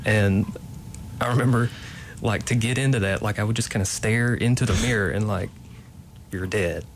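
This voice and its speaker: A man's voice: fairly low pitch, steady tone, fairly quick, slight background noise. A man in his late twenties from Kentucky, a playwright guest in a casual interview, talking hesitantly with many ums and restarts. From Kentucky, USA.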